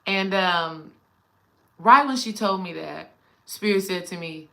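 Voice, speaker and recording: Bright-voiced, animated spiritual coach woman. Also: on the low side, takes it slowly, creaky. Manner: animated and colloquial, addresses viewers directly. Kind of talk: casual spiritual talk to viewers.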